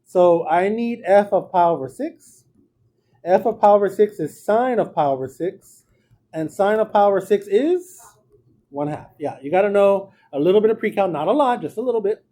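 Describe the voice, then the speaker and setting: A man's voice: sits high, lively intonation, normal speed, warm tone. A man teaching a math class in a classroom, explaining each step in a casual way. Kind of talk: classroom lecture.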